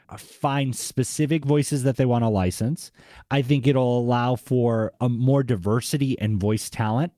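A man's voice: medium pitch, dark tone, dry recording, studio quality. Chatty man with a Boston accent. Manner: chatty, with frequent "like" and "right?" tags. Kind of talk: conversational interview.

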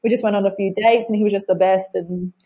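Casting: quick, warm-toned woman, chatty guest storytelling with lots of "like". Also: medium pitch, steady tone. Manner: fast, chatty, many likes, acts out quotes. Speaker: podcast guest, fitness trainer. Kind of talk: casual interview chat.

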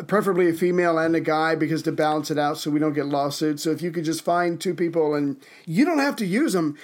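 A laid-back man co-hosting a podcast in casual comedic chat. His voice sits slightly high, and he chimes in with short quips. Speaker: podcast co-host.

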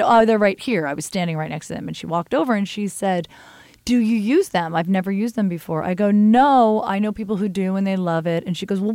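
A middle-aged woman hosting a podcast, telling stories in a candid, animated way and swearing freely. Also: medium pitch, no echo. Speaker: podcast host. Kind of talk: casual chat.

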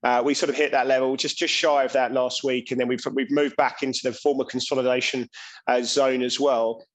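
A man co-hosting a trading show from home, talking through market charts with lots of pauses and restarts. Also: medium pitch, little pitch movement, low-quality recording. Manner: hesitant, many ums and restarts. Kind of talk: casual market chat.

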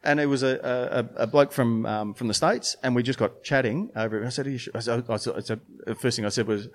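A man's voice: mid-range voice, fast. A middle-aged man, a brewer and beer judge, telling stories in a casual interview with lots of restarts and fillers. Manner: rambling storytelling with many restarts and fillers.

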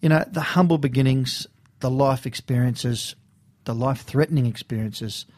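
A man's voice: mid-range voice, normal speed, a little mellow. A man hosting a podcast interview in a studio, effusive and enthusiastic with his guest. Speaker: podcast host. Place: radio studio.

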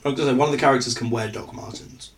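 A man's voice: mid-range voice, fairly even intonation, rapid-fire. A man co-hosting a comedy podcast in casual chat, explaining plot points at length with restarts and laughs. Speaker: podcast co-host.

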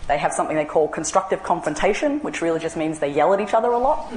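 A woman's voice: sits low, animated, fast talker, a little mellow, reverberant, slight background noise, low-quality recording. An Australian woman in her forties gives a humorous talk, telling wry anecdotes with self-mocking asides. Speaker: speaker giving a talk. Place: large room with an audience.

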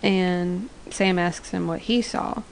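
A woman's voice: lowish voice, fairly even intonation, takes it slowly, slight background noise, rough recording. A woman co-hosting a fan podcast in a laid-back way, sharing research from her notes and recapping scenes. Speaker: podcast co-host. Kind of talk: casual fan podcast chat.

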